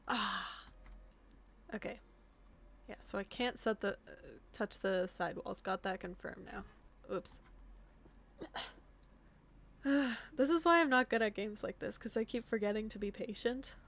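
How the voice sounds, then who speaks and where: A woman's voice: mid-range voice, a little slow, long pauses, fairly bright tone. A young woman streamer giving casual commentary while she plays a game, talking to herself and dropping to a whisper in the tense moments. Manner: talks to herself while playing, drops to whispers when sneaking.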